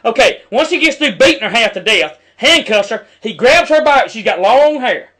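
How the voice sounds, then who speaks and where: A middle-aged man rants in heated, preachy commentary over a news clip. His voice sits high and sounds bright and forceful. He argues straight at the screen. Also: animated, moderate pace, slightly rough. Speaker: video commentator.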